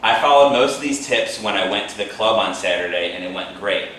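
Male, lowish voice, deadpan reader, echoey and off-mic. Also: brisk, distant mic, slight background noise. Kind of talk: reading comments aloud.

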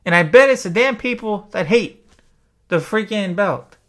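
A man's voice: high voice, expressive, normal speed, a bit bright. A man venting to camera in an exasperated opinion rant, swearing freely as a small YouTuber. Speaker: wrestling YouTuber.

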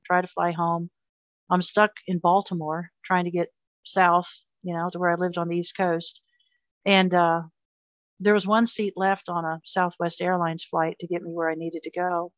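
A woman's voice: on the low side, no room sound, dull audio. An older woman telling a painful personal story in an interview, earnest and emotional, often repeating herself. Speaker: guest.

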